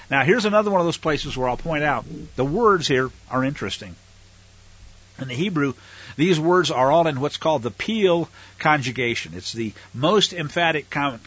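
A man's voice: on the high side, a bit bright, husky. A man teaching a Torah portion, reading scripture aloud with emphatic swells and then explaining it in a casual way. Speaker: Bible teacher. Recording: dull lo-fi recording.

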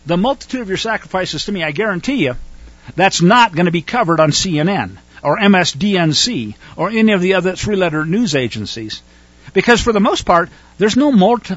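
A man's voice: high voice, fairly bright tone, breathy edge, dry recording, lo-fi sound. A man preaching a sermon in a scolding, sarcastic manner with mocking asides.

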